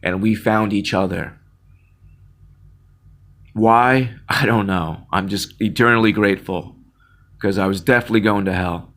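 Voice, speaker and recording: A man's voice: fairly low pitch, a little slow, long pauses, fairly bright tone. A man in an impassioned casual monologue, earnest and near tears, often repeating words and restarting. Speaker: Christian video blogger.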